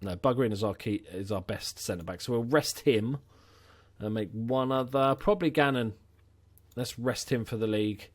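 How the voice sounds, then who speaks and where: A man's voice: medium pitch, moderate pace. A young man casually commentating his game, chatty and opinionated with rambling asides. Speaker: gaming YouTuber. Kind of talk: let's-play commentary.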